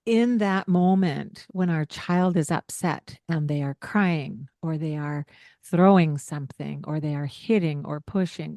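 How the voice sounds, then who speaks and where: A woman's voice: low voice, gravelly, warm tone, no room sound. A woman co-hosting a parenting podcast, talking earnestly and explaining things, with light laughs along the way. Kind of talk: casual podcast chat.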